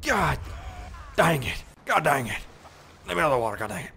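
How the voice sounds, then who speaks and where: A young man giving casual, excitable commentary while playing a video game, swearing and exclaiming often. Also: a little high, brisk, vocal fry, raised voice, slight background noise. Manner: excitable and profane, frequent exclamations and laughs. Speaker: gameplay commentator.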